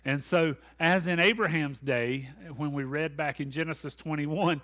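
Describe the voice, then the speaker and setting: A man's voice: a little high, normal speed, a bit bright. A man, a pastor leading a Bible study in a folksy, conversational way with asides. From American South. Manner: folksy, conversational, with asides and self-deprecating humor.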